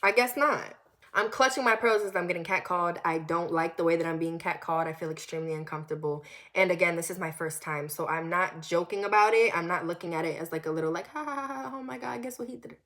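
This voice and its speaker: A young woman from the US Northeast telling a personal story in a casual, animated way, acting out quotes and dropping to low murmurs. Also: quick pace. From Connecticut. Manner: animated and candid, acts out quoted lines, drops to low murmurs.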